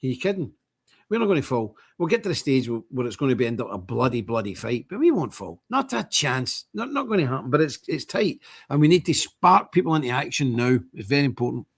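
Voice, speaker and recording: A man's voice: medium pitch, quick pace, breathy edge. A middle-aged man, hosting a live stream with scornful, impassioned commentary. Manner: scornful, ranting, animated.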